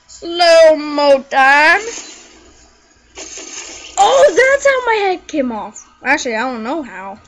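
A woman giving let's play commentary, excitable and jokey, squealing and shrieking at the game and chattering to herself. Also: high-pitched, a little hiss or hum, poor audio. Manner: jokey running self-talk. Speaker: gaming video creator.

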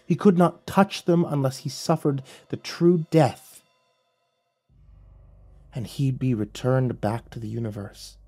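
A gentle, sorrowful male angel speaks softly and slowly, each word solemn and pleading, as a man puts him on. His voice is dark and mellow with a husky edge. He sounds patient even while delivering grave news. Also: mid-range voice, soft background music. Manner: soft, solemn, slow and pleading.

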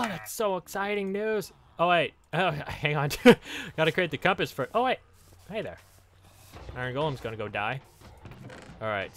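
A man giving excitable, giggly Let's Play commentary while he plays. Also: fairly high pitch, a little hiss or hum. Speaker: gaming channel host.

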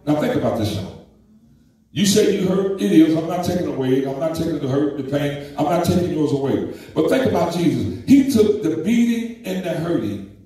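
Echoey preacher with a high voice. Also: male voice, expressive, normal speed, warm tone. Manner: conversational preaching with call-outs to congregation. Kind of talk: sermon. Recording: very echoey church from a distance.

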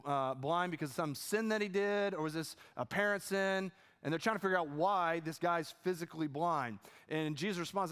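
A man's voice: a little high, fairly bright tone. Impassioned preacher man in echoing church. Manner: impassioned, conversational preaching with repeated phrases. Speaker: pastor. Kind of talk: sermon. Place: church auditorium. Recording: church hall with long reverb.

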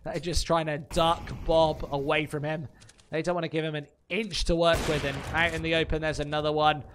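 Guy calling an esports match, kinda high voice, gets loud and shouty when stuff happens, bit of hiss. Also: brisk. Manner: surges to excited shouting on big plays. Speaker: esports commentator. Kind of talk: play-by-play commentary.

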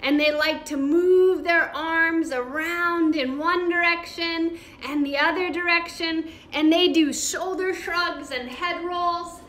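With a very high, steady voice, a woman guides children through yoga, slow yet hardly pausing, and a bit bright. She keeps a cheerful, sing-song, encouraging tone, heard through a roomy echo from far off.

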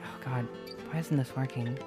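A live streamer talking straight to viewers from a home setup, loose and rambling and full of restarts. The pitch sits in the middle, and faint game music plays underneath. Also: fairly even intonation, moderate pace. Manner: chatty, rambling and playful, with frequent restarts.

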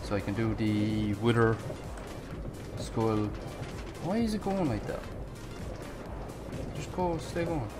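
Young male gaming host, slow-paced, cusses and mutters to himself mid-game, music bed behind. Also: on the low side. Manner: excitable, swears often, talks to himself while playing. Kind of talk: live gameplay commentary.

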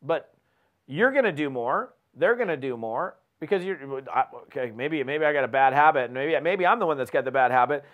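Animated man coaching with restarts. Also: on the high side, brisk, narrow, tinny audio. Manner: animated storyteller with many restarts. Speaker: host. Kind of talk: energetic coaching talk.

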